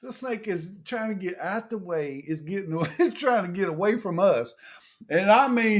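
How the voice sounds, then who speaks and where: A man's voice: sits high, normal speed. Folksy man telling stories. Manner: animated storytelling, laughs often, folksy. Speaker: co-host. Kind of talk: casual live-stream chat.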